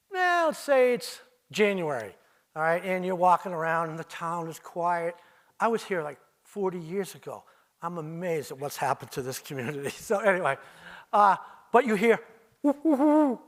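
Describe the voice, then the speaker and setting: An older man giving a live talk to an audience in an auditorium, telling stories as he speaks straight to his listeners and imitating owl calls. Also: high voice. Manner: storytelling, addresses listeners as you, mimics owl calls. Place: arts center auditorium.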